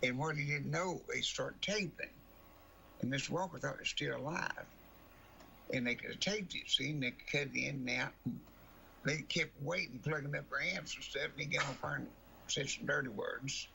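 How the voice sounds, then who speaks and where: A man's voice: mid-range voice, normal speed, gravelly, sharp tone, a little hiss or hum, poor audio. An older man, telling rambling folksy stories as a guest and chuckling through them. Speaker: guest storyteller.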